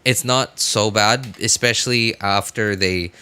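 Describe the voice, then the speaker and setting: A man's voice: fairly low pitch, a little slow, pushed and bright, smooth. A man streaming a game, chatting casually and rambling, with many fillers, restarts and self-corrections. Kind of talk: casual live-stream chat.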